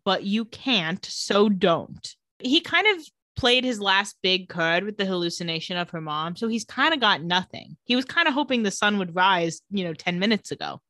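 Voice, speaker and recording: A woman's voice: medium pitch, big pitch swings, fairly quick, hardly any pauses, bright, forceful tone, no echo. A woman co-hosting a podcast, casually recapping a TV episode and retelling scenes line by line. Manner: retells scenes and quotes the characters' lines. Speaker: podcast co-host.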